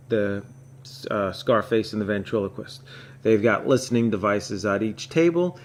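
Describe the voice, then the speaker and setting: A man's voice: on the low side, slight background noise. A man from North Carolina hosting a comic podcast, reviewing an old issue in a rambling, casual way with lots of fillers. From North Carolina, USA. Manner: rambling, filler-heavy, chuckling asides. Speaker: podcast host.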